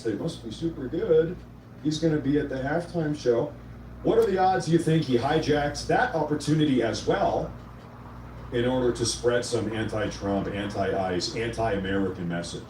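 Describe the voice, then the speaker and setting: A man's voice: medium pitch, normal speed, darkish tone, roomy sound, recorded from a distance, slight background noise, low-quality recording. A man hosting a casual commentary show, opinionated and sarcastic as he reacts to clips. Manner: sarcastic, opinionated, reads quotes aloud. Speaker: show host.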